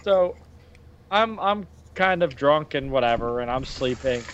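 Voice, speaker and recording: A man hosting a podcast, telling stories excitedly and laughing often in casual chat. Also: medium pitch, a little slow, dry recording, dull audio. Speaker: podcast host.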